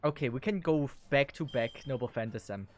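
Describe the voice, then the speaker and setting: A casual game streamer at a middling pitch, rambling along and amusing themselves between moves. Soft game music runs underneath the chatter. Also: expressive, moderate pace. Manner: chatty, rambling, self-amused.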